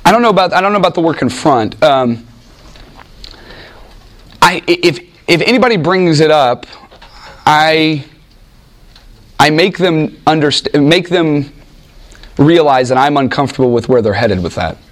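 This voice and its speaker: A man teaching a Bible class in an animated, informal way, restarting sentences often and acting out what people say. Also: a little high, measured pace, long pauses. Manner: animated, with frequent restarts and acted-out quotes. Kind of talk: informal teaching talk with anecdotes.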